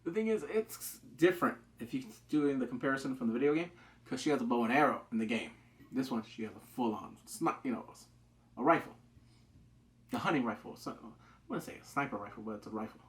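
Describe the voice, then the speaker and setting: A man casually reviewing a TV episode, excitable, acting out quotes with big jumps in pitch and swearing loosely. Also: a little fast. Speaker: TV show reviewer.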